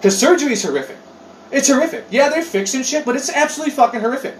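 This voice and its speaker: A man chatting casually on a podcast. He tells rambling stories with lots of swearing and animated outbursts. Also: very high voice, very fast. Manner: animated, profane, rambling storyteller. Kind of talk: casual chat. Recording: roomy echo, distant mic, faint noise.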